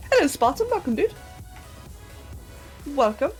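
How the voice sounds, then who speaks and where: A young British woman rambles cheerfully to her live chat as she plays, giggling often and talking in a slightly high voice. Her throat sounds a bit sore, and faint game music sits behind her. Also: wildly swooping pitch, moderate pace, darkish tone. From Britain. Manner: chatty, giggly, talks to chat. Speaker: streamer. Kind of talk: casual live-stream chat while gaming.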